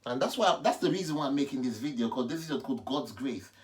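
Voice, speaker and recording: A man, a pastor, giving an animated personal testimony in a vlog and repeating himself as he talks. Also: mid-range voice, quick pace. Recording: distant mic with faint background noise.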